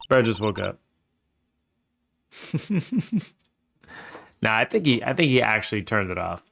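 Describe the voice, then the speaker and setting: A man's voice: on the low side, sing-song, slow pace, creaky, long pauses, a bit bright, faint music behind. A man streaming a game, chatting casually, laughing often and reading its dialogue aloud. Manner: reads all the game's characters aloud, laughs often, swears. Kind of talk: casual let's-play chat with read-aloud game dialogue. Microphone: desk microphone.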